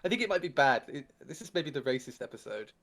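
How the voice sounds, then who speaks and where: A man's voice: mid-range voice, lively intonation, fast, fairly bright tone. A young man co-hosting a podcast, teasing and giggling through casual chat. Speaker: podcast co-host.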